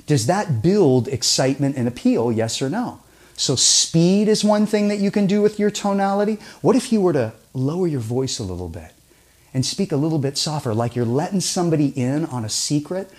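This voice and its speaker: A man's voice: on the high side, big pitch swings, normal speed, darkish tone. A man teaching a persuasion seminar, asking rhetorical questions and sometimes dropping his voice to a near-whisper for effect. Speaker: communication trainer.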